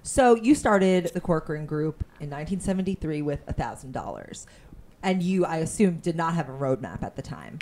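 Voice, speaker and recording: A woman's voice: deep voice, very animated, moderate pace, mellow, slight background noise. A young woman co-hosting an interview, chatty and asking long questions. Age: young adult. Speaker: podcast co-host. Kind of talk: casual interview talk.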